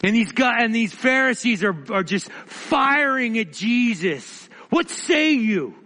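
A man preaching a sermon, dramatic, swinging between emphatic lines and quiet, hushed asides. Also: extremely high pitch, animated, measured pace, long reverb tail.

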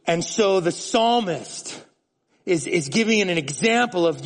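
A man preaching a sermon in an animated way, often restarting words and swinging between loud, emphatic lines and hushed ones. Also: sits high, a little slow, in a large hall. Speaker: pastor.

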